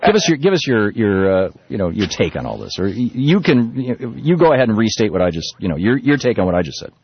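Husky-voiced talk radio host, lively. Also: male voice, lowish voice, fairly quick. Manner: loose, animated delivery with many restarts and fillers. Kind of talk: political talk radio monologue. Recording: muffled lo-fi radio broadcast.

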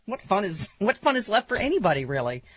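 Male radio co-host, husky and animated, joking news reader, dull lo-fi broadcast. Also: sits high, fast talker, no echo. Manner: chatty, reads news aloud, joking asides. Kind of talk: talk radio banter.

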